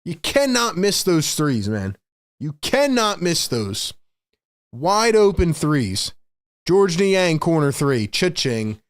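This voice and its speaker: Fan guy doing live play-by-play, voice jumps high on big plays, mutters when they miss. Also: takes it slowly, no room sound, clean studio sound. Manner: excitable, frustrated, slangy fan talk. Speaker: host and play-by-play commentator. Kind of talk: fan livestream play-by-play commentary.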